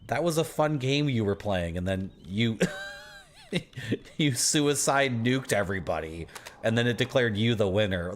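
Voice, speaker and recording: A man's voice: medium pitch, a little hiss or hum. A man in his thirties giving casual, rambling commentary as he streams a game, chatting to his viewers and laughing often.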